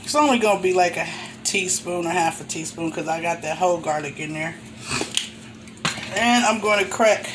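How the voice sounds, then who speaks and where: A woman's voice: fairly low pitch, moderate pace, background noise. Chatty older woman cooking at home. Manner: homey, chatty, narrates each step as she cooks. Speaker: home cooking show host. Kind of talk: casual step-by-step cooking demo. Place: home kitchen. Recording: kitchen clatter of pots and dishes. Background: cutlery and pots clanking.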